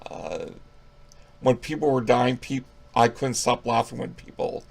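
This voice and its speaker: A man's voice: medium pitch, steady tone, measured pace, vocal fry. A young man giving a casual movie review, profane, rambling and mocking.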